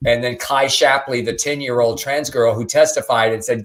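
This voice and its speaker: A man from Texas co-hosting a casual news talk show, relaxed and a bit hesitant. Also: medium pitch, moderate pace, few pauses. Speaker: podcast co-host.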